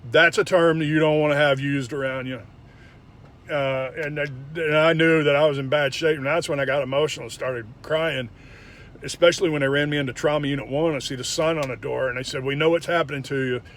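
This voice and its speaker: A man's voice: a little high, steady tone, a little fast, a bit bright, slight background noise. A young man bluntly telling a personal story, with frequent swearing and emphatic retellings. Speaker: former indie wrestler.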